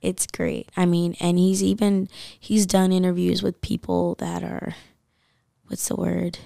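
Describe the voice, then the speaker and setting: A woman's voice: fairly low pitch, completely flat delivery, a little slow, gravelly, dark tone, no echo, studio quality. A young woman from the United States telling a story in casual podcast chat, full of fillers and likes. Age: young adult.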